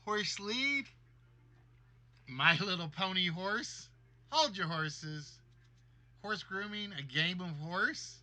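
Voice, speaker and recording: Jokey male livestream game host with a high, very bright voice. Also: expressive, takes it slowly, pauses often. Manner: jokey, reads guesses aloud. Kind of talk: livestream game show hosting.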